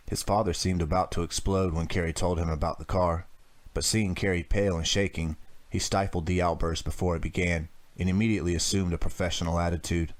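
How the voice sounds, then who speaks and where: A man reading a teen thriller aloud as an audiobook narrator. His voice sits very low, and the reading is measured and steady. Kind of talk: scripted narration.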